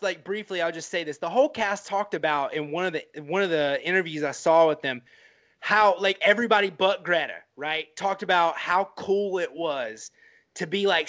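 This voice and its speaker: A man's voice: a little high, fairly bright tone. A man co-hosting a casual film podcast, rambling with lots of "like" and restarts, and swearing now and then. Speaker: podcast co-host.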